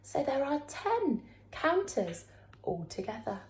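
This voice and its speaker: A woman teacher speaks slowly to very young children, her fairly high voice swooping up and down in a patient, encouraging sing-song. She sounds as if recorded in an echoey room. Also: sing-song, darkish tone, a little hiss or hum. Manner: slow, sing-song, encouraging teacher talk with big pitch swings. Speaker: primary school teacher.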